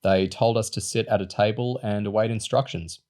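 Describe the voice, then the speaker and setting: A man voicing a calm, matter-of-fact teenage boy on a mission. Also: on the low side, moderate pace, natural voice. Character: cool-headed teenage boy agent.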